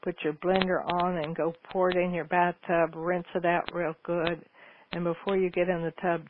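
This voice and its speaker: A woman hosting a call-in advice show, talking in a homey, folksy, meandering way. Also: fairly low pitch. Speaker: radio show host answering listener questions. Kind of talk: casual call-in advice talk. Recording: phone-like lo-fi radio with faint noise.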